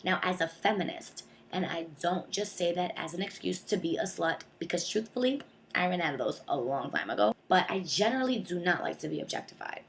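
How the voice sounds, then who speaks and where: A young woman from New Jersey delivers a comic monologue in a sassy, slangy way. Her voice sits slightly low for a woman. She jumps into other people's voices as she tells the story. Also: animated, a little fast, gravelly, a little hiss or hum. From Bergen County, New Jersey. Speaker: comedic storyteller.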